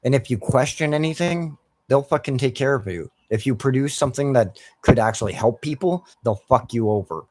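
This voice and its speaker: A man's voice: medium pitch, a little fast, darkish tone. A young man ranting casually and profanely while playing a game, talking to his chat. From Canada. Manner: profane, frustrated ranting, swears constantly. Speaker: gaming streamer.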